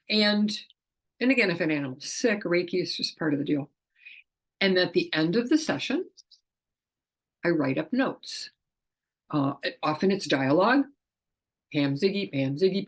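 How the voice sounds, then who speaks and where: A middle-aged woman explaining her work as an animal communicator in a casual, chatty way, often acting out the quoted dialogue. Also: on the low side. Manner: chatty, acts out quoted dialogue in lively voices.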